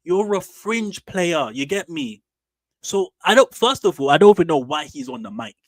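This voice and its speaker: A man streaming casual football commentary, animated and opinionated, with slangy repeated asides. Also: a little high, brisk, gravelly, no room sound. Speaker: streamer and fan channel host.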